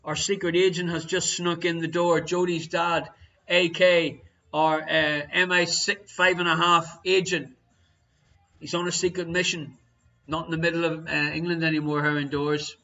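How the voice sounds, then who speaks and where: Irish man, quiz host, high voice, teasing jokey banter, dull lo-fi stream audio. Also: level tone, normal speed, bright, forceful tone, soft background music. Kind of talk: live-streamed quiz hosting.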